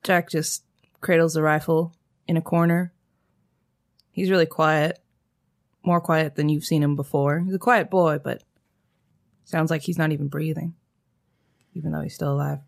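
A player describing their character's actions in a tabletop game, calm and steady. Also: mid-range voice, normal speed, gravelly, pauses often.

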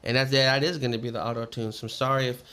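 A man's voice: medium pitch, little pitch movement, fast talker, bright, forceful tone, smooth. A young man talking as a musician guest on a podcast, loose and profane with lots of fillers. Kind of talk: casual podcast chat.

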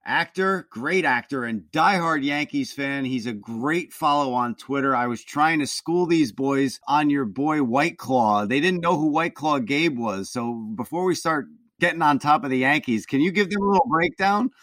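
A man's voice: a little high, moderate pace, few pauses, a bit bright, no room sound, studio quality. A man hosting a podcast in an easygoing, conversational way. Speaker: podcast host.

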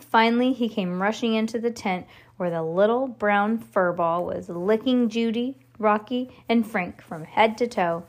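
A woman reading a children's book aloud, animated and stopping now and then to correct herself. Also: mid-range voice, measured pace. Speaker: reader.

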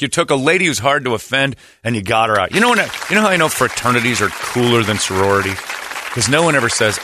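Animated man telling stories on radio. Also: medium pitch, fast, crowd noise, noisy background. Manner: animated storyteller who acts out quoted voices. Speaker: radio host. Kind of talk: casual radio banter, storytelling.

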